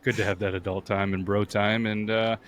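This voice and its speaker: A man's voice: lowish voice, little pitch movement, fairly quick, fairly bright tone, a little hiss or hum. A man hosting a podcast in casual, crude banter, joking and laughing often as he tells stories. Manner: joking, laughs a lot, acts out quoted voices. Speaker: podcast host.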